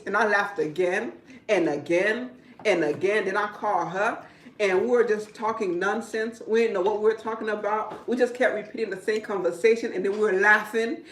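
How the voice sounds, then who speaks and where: A woman who works as a hairdresser, telling a story in casual talk, animated and repetitive, often breaking into laughter. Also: mid-range voice, normal speed. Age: adult. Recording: roomy, from a distance.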